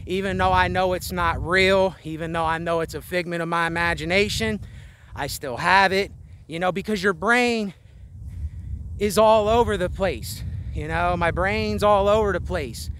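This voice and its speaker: A vlogger with a high, fairly bright voice speaks at a normal speed in a candid venting monologue. He rambles, sounding weary, frustrated and out of breath, recorded outdoors at a windy spot above a road.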